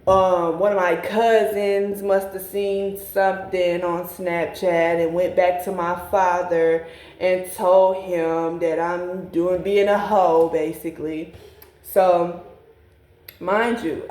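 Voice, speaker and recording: A woman's voice: lowish voice, a little mellow. A young woman telling a personal story to her viewers, candid and profane, speaking straight to them as y'all. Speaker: vlogger. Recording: echoey room.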